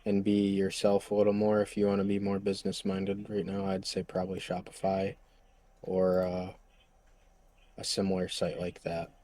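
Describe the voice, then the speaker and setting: A man answering interview questions in a casual, relaxed way, with light swearing. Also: deep voice, moderate pace. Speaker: guest.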